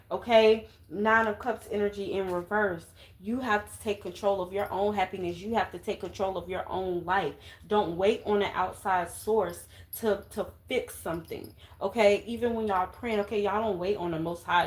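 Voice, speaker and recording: Woman tarot reader, emphatic coaching delivery, mid-range voice. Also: medium pitch. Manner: emphatic, coaxing, with repeated "okay?" asides. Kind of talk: casual tarot reading to viewers.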